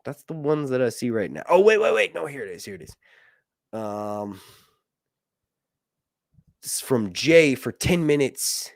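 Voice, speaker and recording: A man's voice: mid-range voice, expressive, measured pace, pauses often, dry recording, studio quality. A man hosting a casual live stream, reading viewer messages aloud and chatting with lots of laughs and energy. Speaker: livestream host.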